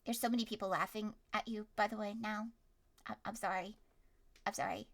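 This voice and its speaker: A young woman running a tabletop story game as game master, animated and quick to yell and laugh. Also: mid-range voice, vocal fry. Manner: animated, bursts into yelling and laughter.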